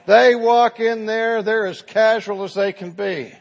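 A man's voice: high-pitched, steady tone, a little slow, creaky, highs cut off. A man preaching a sermon, telling a story in a dramatic, emphatic way. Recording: long hall reverb.

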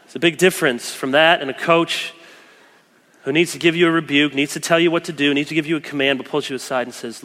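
Pastor guy preaching, bright and kinda high, earnest, loud then soft, long echo. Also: steady tone, fast talker. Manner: earnest, shifting between loud emphasis and soft intimate asides. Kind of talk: sermon.

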